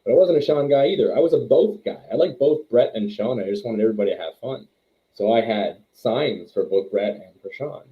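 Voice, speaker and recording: A man's voice: mid-range voice, expressive, a little fast. A man in his thirties from Quebec, telling rambling, self-deprecating stories as an interview guest. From Quebec, Canada. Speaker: wrestler and trainer, guest. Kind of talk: casual interview storytelling. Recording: tinny phone-like line.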